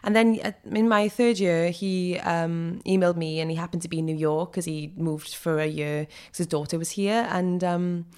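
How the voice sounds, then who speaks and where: A woman in her twenties with a Welsh accent, chatting casually as an interview guest, quick and full of fillers, laughing often. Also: on the low side, fairly even intonation, darkish tone, clean tone. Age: 20s. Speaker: guest, actor and singer.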